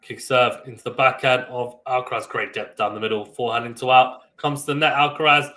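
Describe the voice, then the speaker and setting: A young man hosts a live tennis watchalong, calling the action with excitable play-by-play, sudden loud bursts of surprise, and chatter with viewers. His voice is medium in pitch and his pace brisk.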